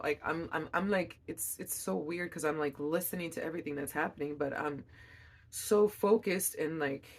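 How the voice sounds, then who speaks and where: A young woman, a mother, telling a personal story in an emotional, halting way with many restarts. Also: deep voice. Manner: emotional, reliving events.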